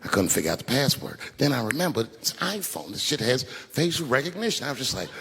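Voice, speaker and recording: A middle-aged man telling stand-up stories on stage, animated, swinging between hushed asides and shouted punchlines. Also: medium pitch, fast. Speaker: stand-up comedian. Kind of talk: stand-up comedy storytelling. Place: large live venue with audience. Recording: live hall with crowd noise.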